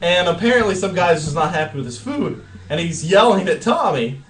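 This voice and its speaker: Excitable podcast host, laughing, swearing, high swooping voice, a bit off-mic. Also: male voice, a little fast, reverberant, far from the mic, poor audio. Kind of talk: animated storytelling. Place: back room of a restaurant.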